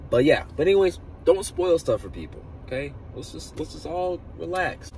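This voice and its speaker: A man chats and rants from the driver's seat, his voice swinging from mutters to loud outbursts. He talks into a phone he holds in one hand. Faint traffic hums outside the car. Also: a little high, moderate pace, recorded from a distance, poor audio. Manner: animated ranting, sometimes loud outbursts. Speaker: vlogger. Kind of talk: casual car vlog chat. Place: inside a car at a drive-thru. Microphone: phone held in hand.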